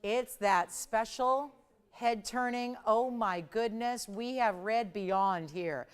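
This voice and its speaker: A middle-aged woman hosting a live jewelry shopping show, hoarse from a strained voice, chatty and fast-talking with joking asides. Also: fairly high pitch. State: hoarse, losing her voice. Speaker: shopping channel host. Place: TV studio.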